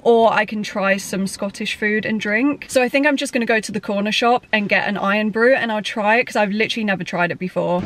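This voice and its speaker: A woman's voice: mid-range voice, fast talker, few pauses, a bit bright, a little hiss or hum. A young woman talking casually to camera as a vlogger, chatty and self-mocking. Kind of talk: casual vlog narration.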